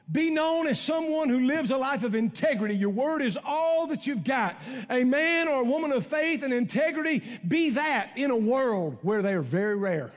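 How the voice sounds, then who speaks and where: A man's voice: extremely high pitch, animated, moderate pace. A middle-aged man preaching a sermon in a church, folksy and emphatic in his conversational style. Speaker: pastor. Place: church sanctuary. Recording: long church hall reverb.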